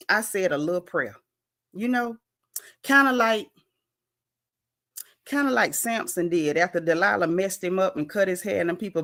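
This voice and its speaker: This woman's voice sits on the low side as she chats casually on a livestream, recapping a reality show. She animates the story with big vocal swings, imitates the cast, and reads comments from viewers aloud.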